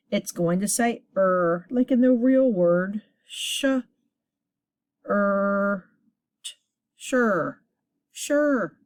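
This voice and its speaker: A woman teacher leading a children's reading lesson, encouraging her class and sounding words out slowly at a board. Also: mid-range voice, darkish tone, dry recording, clean studio sound.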